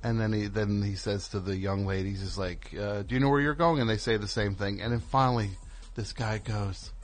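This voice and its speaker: A man's voice: on the low side, fairly quick. A man telling a long story on a call-in show, exasperated and acting out what other people said. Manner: animated, exasperated, acts out other people's lines. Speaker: caller.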